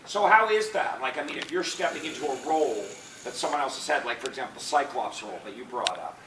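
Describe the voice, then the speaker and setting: A man's voice: medium pitch, expressive, fast, background noise. A man moderating a convention panel and asking a guest questions. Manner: enthusiastic, reacting often. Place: convention hall. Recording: echoey hall from far off.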